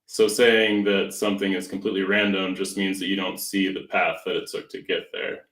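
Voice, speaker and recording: A man's voice: low-pitched, flat delivery, moderate pace, a bit bright, distant mic. A man co-hosting a podcast, talking casually and thoughtfully as he picks apart ideas. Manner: thoughtful, philosophical, challenging ideas. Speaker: podcast co-host. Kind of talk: casual chat. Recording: echoey room, off-mic.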